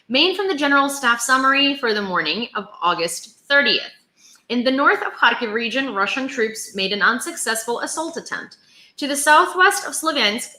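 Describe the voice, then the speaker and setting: Woman reading news updates, bright tense voice, kinda high, echoey room, trips on place names. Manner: reads from notes, stumbles over place names. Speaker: news vlogger.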